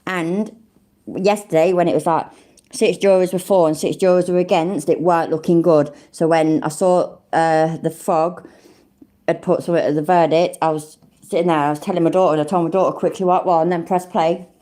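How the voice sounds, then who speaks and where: An older woman runs a casual live stream, chatting to viewers in a lowish, mellow, steady voice at a slightly fast clip. She swears freely, calls people love and mate, and her talk wanders loosely through asides.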